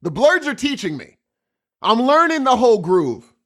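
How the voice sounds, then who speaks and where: A middle-aged man co-hosting a podcast, talking in casual, animated bursts of storytelling. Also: very high voice, normal speed. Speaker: podcast co-host. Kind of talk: casual chat.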